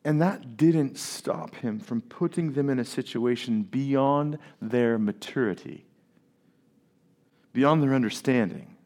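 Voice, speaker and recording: A man's voice: medium pitch, slow, darkish tone. A man, a pastor, preaching a sermon and putting rhetorical questions to his congregation.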